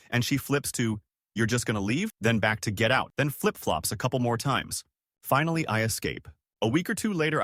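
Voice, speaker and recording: A man reading a string of online stories as scripted narration, in a lively storytelling manner. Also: mid-range voice, dry recording, studio quality.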